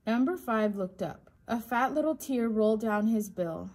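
A woman, a preschool teacher, reading a children's storybook aloud in a slow, expressive way. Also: fairly high pitch.

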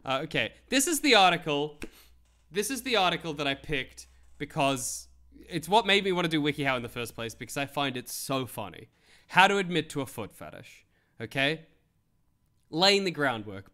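A man hosts a live stream, firing off comedic commentary full of mock outrage and easy swearing. His voice swoops up and down with a lot of life in it, and it sits a little high with a bright, sharp tone. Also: normal speed. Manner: animated, laughing, mock-outraged, swearing freely. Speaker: livestream host.

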